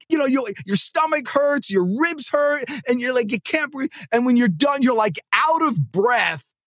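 A man hosting a sales podcast, talking in an energetic, rambling, chatty way with asides to his producer. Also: very high-pitched, no room sound, studio quality. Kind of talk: casual motivational monologue. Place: studio.

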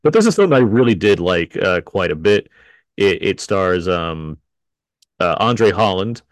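A man hosting a film podcast, chatting in a relaxed, hedging way and chuckling often. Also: deep voice, moderate pace, no echo. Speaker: podcast host. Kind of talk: casual podcast chat.

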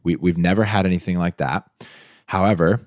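A man's voice: low-pitched, brisk, dry recording, studio quality. A man from the United States co-hosting a podcast, talking in an upbeat, casual way straight to his listeners. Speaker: podcast co-host.

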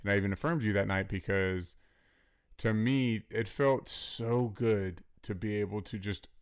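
A man co-hosting a casual chat with his partner, talking in a relaxed way and acting out quoted lines. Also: on the low side, unhurried, smooth.

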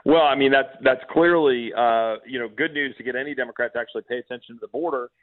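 A man's voice: medium pitch, fast, no room sound. A fiery, emphatic man from Texas calls in to a radio show, trips over his words and starts sentences again. His voice comes through a tinny, narrow phone line with no room sound at all. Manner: fiery, emphatic, many restarts. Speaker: congressman guest.

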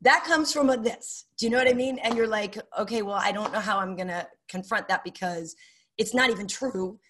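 A woman's voice: mid-range voice, brisk. A middle-aged woman, a sports broadcaster and podcast guest, telling stories casually and acting out quoted dialogue. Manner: animated, acts out quoted dialogue. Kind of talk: casual interview storytelling.

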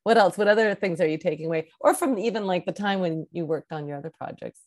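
Chatty woman interviewer, lowish voice. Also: quick pace, darkish tone. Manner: chatty, laughs easily, asks rambling questions. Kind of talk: casual interview chat.

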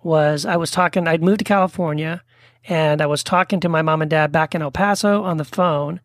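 A man's voice: a little high, vocal fry, dry recording, clean studio sound. A man from Texas, a guest author, telling stories in a casual conversation and acting out the quotes. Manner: animated storyteller, acts out quotes.

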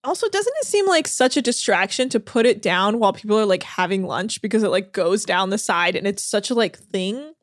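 A woman's voice: medium pitch, expressive, fairly quick, few pauses, dry recording, studio quality. A woman hosting a podcast, recapping a TV show in casual chat and telling it with animation and laughter. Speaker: podcast host.

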